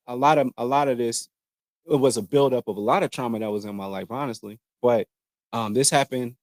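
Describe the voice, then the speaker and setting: A man's voice: mid-range voice, no room sound, studio quality. A man speaking frankly and earnestly to viewers about personal struggles, in a slangy, conversational way with many restarts. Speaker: vlogger. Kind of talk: candid personal talk to camera.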